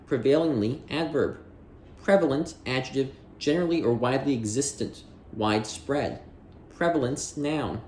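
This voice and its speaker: A man's voice: medium pitch, normal speed, darkish tone, reverberant, slight background noise. A man hosting a dictionary audiobook, chatting in a rambling, jokey way with self-interruptions, then reading entries aloud.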